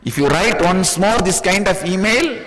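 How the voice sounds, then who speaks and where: A man's voice: high-pitched, expressive, normal speed, fairly bright tone, big-room sound. A man from India with an Indian accent giving a spiritual discourse, playful and laughing often as he throws out rhetorical questions. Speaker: spiritual teacher.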